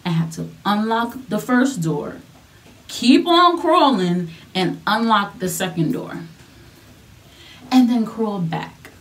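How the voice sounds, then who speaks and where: A woman's voice: medium pitch, takes it slowly, recorded from a distance. A young woman vlogger telling a personal story in a casual, chatty way, repeating herself and using lots of fillers.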